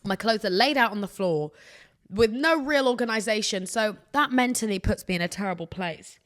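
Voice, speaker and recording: A woman chats on her own podcast in a loose, rambling way. She mocks herself as she goes and jumps from loud outbursts to hushed whispers. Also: a little high, fairly quick. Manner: rambling, animated, self-mocking storytelling with sudden whispers. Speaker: podcast host. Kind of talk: casual solo podcast chat.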